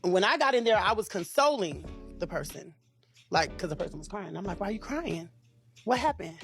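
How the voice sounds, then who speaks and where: A man giving an interview, emotional and halting, often restarting and repeating himself. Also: high-pitched, very animated, creaky, fairly bright tone, soft background music. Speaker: interview guest.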